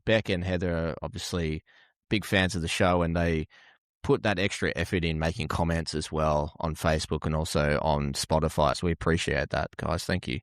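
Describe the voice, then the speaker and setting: A man's voice: very deep voice, steady tone, moderate pace, no echo, studio quality. A man, co-hosting a podcast with teasing, jokey banter. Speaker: podcast co-host.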